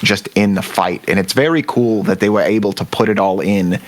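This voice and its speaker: Young man, podcast co-host, lowish voice, rambling casual chat. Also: a little fast. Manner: rambling, searches for words, animated when excited.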